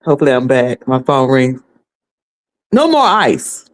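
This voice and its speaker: A woman's voice: very deep voice, big pitch swings, measured pace. Chatty woman hosting a livestream. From North Carolina, US. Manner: rambling, chatty, repeats herself, laughs often. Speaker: livestream host. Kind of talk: casual livestream chat. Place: home, a noisy washing machine upstairs.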